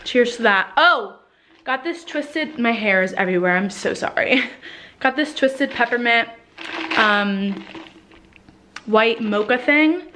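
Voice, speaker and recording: A woman's voice: on the high side, lively intonation, slow, long pauses, pushed and bright, a little hiss or hum. A young woman from New Jersey chatting casually in a home vlog, a little out of breath, full of "like" fillers and swearing. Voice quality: frequent "like" fillers, swearing, emotional. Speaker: lifestyle vlogger. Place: home living room.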